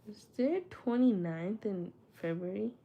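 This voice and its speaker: A woman's voice: medium pitch, a little slow, mellow, muffled recording. A young woman chatting casually to her viewers and reading a book aloud, with retainers in her mouth that slightly thicken her speech, stumbling and restarting as she goes. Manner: chatty, self-talking, reads aloud with stumbles. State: talking with retainers in. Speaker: study vlogger.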